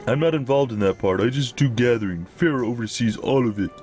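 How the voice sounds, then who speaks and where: A man voicing a surly, dim male bandit captive with a coarse, ogre-like voice and rough grammar. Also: mid-range voice, fast talker, darkish tone, soft background music, close to an everyday voice.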